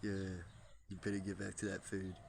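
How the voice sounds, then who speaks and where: A man's voice: low-pitched, completely flat delivery, moderate pace, gravelly, noisy background. A man voicing a jealous male bird guarding his mate, in a lightly raised, joking voice. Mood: protective.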